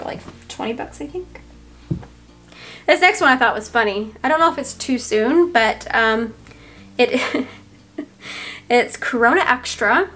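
A woman with a Southern US accent and a rather high, bright voice talks casually to the camera. She's a reseller going through her thrift haul, thinking out loud and dropping fillers as she goes.

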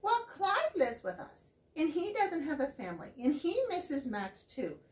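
Woman doing an eager, high-voiced mother rat. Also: very animated, measured pace, roomy sound, far from the mic. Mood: earnest. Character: excited, hopeful mother rat.

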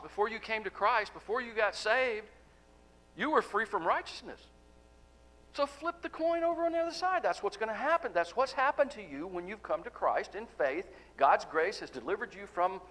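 Male pastor, bright and slightly high voice, emphatic sermon delivery with hushed phrase endings. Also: poor audio. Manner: emphatic, rhetorical questions, drops to soft endings.

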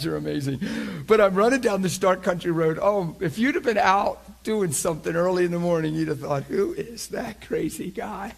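Man preacher, middle-aged, slightly high voice, laughing, animated storytelling sermon. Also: vocal fry.

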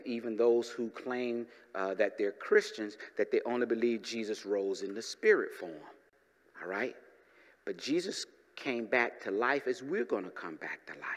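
A man preaching a sermon as pastor, lively and humorous, tossing asides to the congregation. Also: mid-range voice, big-room sound.

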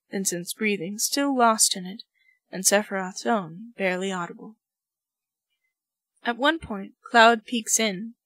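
Female fanfic narrator, measured storytelling, close dry recording. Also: medium pitch, fairly bright tone, no echo, rough recording. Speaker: podfic reader. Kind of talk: audiobook narration of fan fiction.

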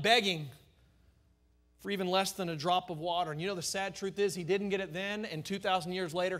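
A man preaches with fervor, building his points through rhythmic repeated phrases. His voice sits high and rings bright and forceful. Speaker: pastor. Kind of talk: sermon.

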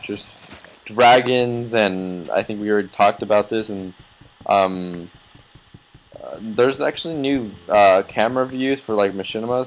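A man's voice: fairly low pitch, a little hiss or hum, poor audio. An eighteen-year-old man giving casual, rambling gameplay commentary, swearing and yelping when startled.

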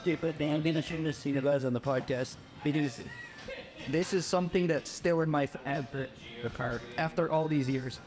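This young man from the Philippines is a podcast guest recounting a personal story, animated and casual, slipping into the voices of people he quotes. He talks at normal speed in a voice on the high side.

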